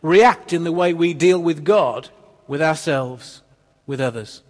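A man preaching a sermon. He tells stories and drops quietly at the ends of phrases. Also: on the high side, unhurried. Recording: long reverb of a church hall.

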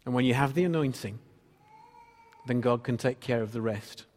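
A man's voice: mid-range voice, moderate pace, a little mellow, long reverb tail. A man preaching a sermon as pastor, earnestly reading and explaining scripture.

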